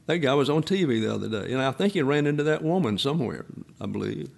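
Elderly male pastor in his eighties, folksy digressive sermon delivery, mid-pitched voice. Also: expressive, fast, vocal fry. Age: 80s. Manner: folksy, digressive storytelling with frequent restarts.

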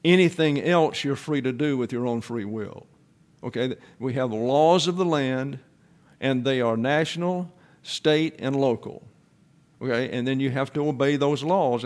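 A man giving a Bible class sermon, explaining terms step by step and often saying "okay". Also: a little high. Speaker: Bible teacher.

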